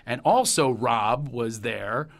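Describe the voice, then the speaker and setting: Middle-aged pennsylvania guy hosting a chat show, rambling stories, gets animated, plain middle-pitched voice. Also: slow pace, creaky. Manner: rambling and storytelling, animated when recalling anecdotes. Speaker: podcast host. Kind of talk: casual chat.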